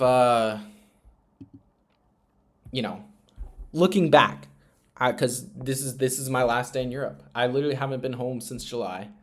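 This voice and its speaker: A young man thinks out loud through a live trading stream. His talk rambles and is peppered with swearing. He often trails off into a quiet mutter under his breath. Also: medium pitch. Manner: rambling, profane, emotional self-talk. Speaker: trading livestreamer. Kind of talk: casual live-stream monologue.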